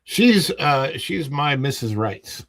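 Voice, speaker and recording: A man's voice: mid-range voice, big pitch swings, slow pace, fairly bright tone. A man hosting a casual livestream podcast, rambling and full of fillers and restarts, often laughing at his own stories.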